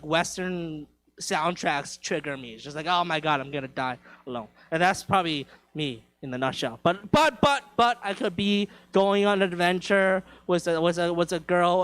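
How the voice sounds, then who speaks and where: A man's voice: high-pitched, a bit bright. A young man doing a stand-up set in a comedy club, talking in a rambling, profane, self-deprecating way, stumbling over restarts as he goes.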